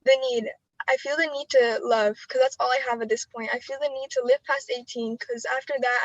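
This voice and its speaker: A woman's voice: on the high side, dry recording, highs cut off. Teen girl reading poetry over a video call. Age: teens. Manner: earnest, emotional delivery with nervous laughs between poems. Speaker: student poet. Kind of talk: spoken word poetry reading.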